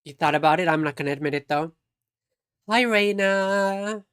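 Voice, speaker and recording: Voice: mid-range voice, level tone, racing, dry recording, studio quality. Chatty streamer. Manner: chatty, teasing, reacting to chat. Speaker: live streamer. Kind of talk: casual stream chat with viewers.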